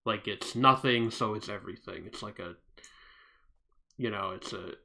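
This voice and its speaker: Young man, bright forceful voice, casual podcast chat, wry, frank. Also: on the low side, normal speed, gravelly. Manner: wry, frank, self-aware critic. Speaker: podcast co-host.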